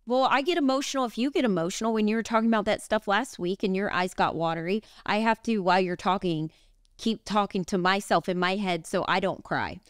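A woman's voice: mid-range voice, a little fast, clean tone, no echo, studio quality. Chatty woman co-hosting. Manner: chatty, rambling, lots of "like". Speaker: podcast co-host. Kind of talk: casual chat.

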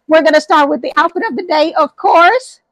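High-voiced, slightly hoarse woman vlogger. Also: a little fast, dry recording, dull audio. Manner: lively and affectionate, calls viewers honey. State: slightly hoarse, losing her voice. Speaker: thrift and home vlog host. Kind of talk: casual chatty vlog. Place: outdoor patio at night.

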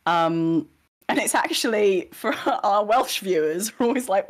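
Animated laughing woman guest. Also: mid-range voice, moderate pace. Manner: animated, laughs often, acts out quoted voices. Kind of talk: casual interview chat.

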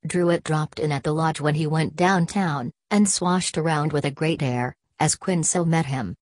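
Woman narrator, low pitch, dry close sound, measured audiobook reading. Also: a little mellow, no echo. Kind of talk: scripted narration.

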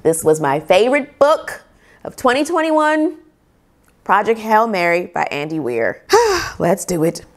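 A woman hosting a casual book vlog, reacting to reviews in an animated, opinionated way. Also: mid-range voice, measured pace.

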